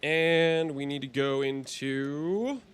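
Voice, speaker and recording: A man streaming a game live, chatting casually, answering his chat and clearing his throat often, his voice a bit hoarse. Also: a little high, slow. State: hoarse-sounding voice.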